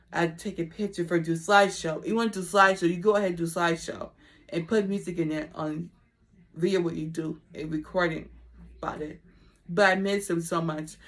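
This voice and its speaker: A woman with a voice on the low side talks to camera in a personal vlog. She's halting and emotional, using simple, repetitive phrasing that often sinks to a soft whisper.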